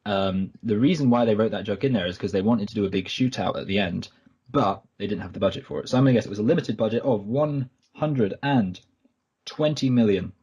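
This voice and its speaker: Male podcast co-host, husky and a touch low, rambling and self-correcting, lo-fi recording. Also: fairly quick, a little mellow. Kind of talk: casual podcast chat.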